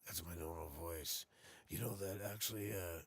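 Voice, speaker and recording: A man doing a deep, slow, seductive crooning voice as a smooth ladies' man. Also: no room sound, full character voice.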